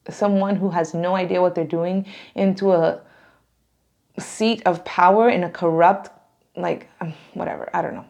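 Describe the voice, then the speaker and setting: Gravelly-voiced woman reading tarot, emotional. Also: medium pitch, darkish tone. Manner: emotional, rambling, laughs often. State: near tears. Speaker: tarot reader. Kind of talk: casual tarot reading to camera.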